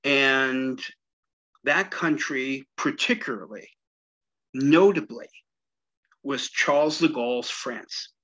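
A man's voice: medium pitch, takes it slowly, pauses often, fairly bright tone. Guy giving a library history talk, chatty, keeps asking "right?", kinda muffled lo-fi sound. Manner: chatty, peppered with "right?" and "you see?" asides. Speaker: history lecturer. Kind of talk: conversational library lecture. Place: public library meeting room.

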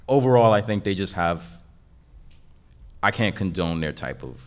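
A man's voice: low-pitched, moderate pace. A man on a comics convention panel, talking casually and laughing often as he tells a story. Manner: laid-back, laughs often, grows animated telling a story.

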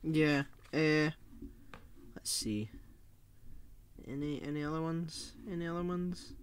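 A man's voice: fairly high pitch, flat delivery, moderate pace, slight background noise. A man co-hosting a podcast, chatting casually in a jokey, sweary way. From Britain. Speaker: podcast co-host. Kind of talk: casual chat.

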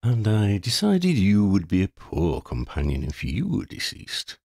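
A solemn, cloaked ferryman speaks in a formal, deadpan way, as a man reads him aloud. The storybook figure's voice is low, and the recording is close and dry. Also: unhurried, vocal fry, no echo, exaggerated voice.

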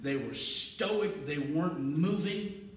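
A male pastor delivers a sermon, rising to loud, fervent emphasis. His fairly high voice rings through a very echoey room. The mic sits at a distance, with a faint hum underneath. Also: slow. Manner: builds to loud, fervent preaching.

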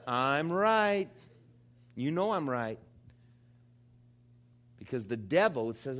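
Male pastor, fifties, animated sermon delivery, call-and-response, wide pitch swings. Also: takes it slowly, pauses often. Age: 50s. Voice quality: swings from low murmurs to loud, high exclamations.

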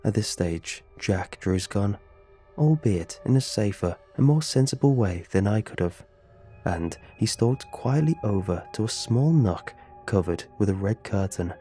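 A man narrating a horror story in a measured, somber, scripted delivery. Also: fairly low pitch, animated, mellow, soft background music.

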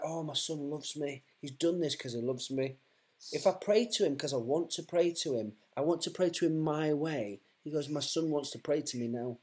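Husky man, slightly high, earnest street preacher who keeps circling back on his words. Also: a little mellow. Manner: fervent, repetitive, restarts mid-sentence.

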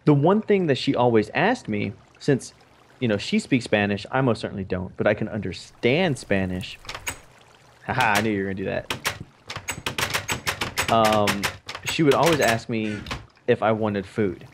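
A young man casually telling a family story on a vlog, animated and swearing often. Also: fairly low pitch, normal speed, pauses often, background noise. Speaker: vlog co-host.

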